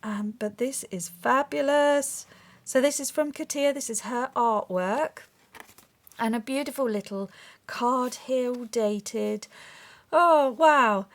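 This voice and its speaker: Lady opening craft swaps, super excitable, lots of oohs and gasps. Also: fairly high pitch, slow. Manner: gushing, excitable, with gasps and exclamations. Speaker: craft video host. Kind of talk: casual unboxing chat.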